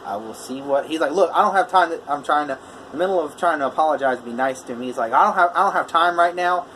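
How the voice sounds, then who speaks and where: A man's voice: a little high, fast, a little hiss or hum. A man, a welder, telling a customer story in a casual vlog, acting out both sides of a heated phone call. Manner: animated retelling, quoting both sides of a phone argument.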